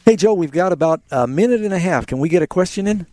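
A man's voice: sits high, animated, quick pace, mellow, no room sound. A man hosting a call-in radio Bible show, earnestly explaining scripture to callers in a studio.

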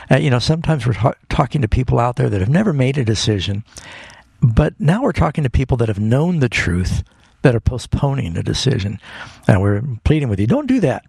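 Gravelly pastor answering radio callers. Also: male voice, mid-range voice, a little mellow, no echo, clean studio sound. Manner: earnest, explanatory, pleading. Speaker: radio Bible program host and pastor. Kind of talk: call-in radio Bible answers. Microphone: studio microphone.

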